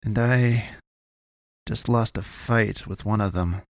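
A man reads a wounded werewolf in human form, slumped and dying, muttering with weary scorn in a low, slow storybook voice. He sounds worn out and bitter. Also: steady tone, no echo, clean studio sound.

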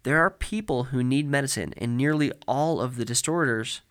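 A man co-hosting a comedy podcast reads erotic fiction aloud in a mid-range voice at normal speed, often tripping over words and cracking up. Soft music plays behind him, and he's on a studio mic with headphones.

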